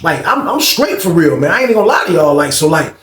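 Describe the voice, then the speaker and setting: A man's voice: fairly high pitch, sing-song, fast, a bit bright, reverberant. A man telling a casual storytime monologue in slang, acting out both sides of the conversations.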